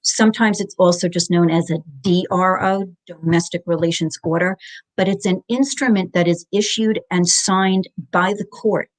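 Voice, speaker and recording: A woman's voice: fairly low pitch, steady tone, moderate pace. A middle-aged woman, a guest in an interview, explaining divorce finances methodically and spelling out jargon step by step.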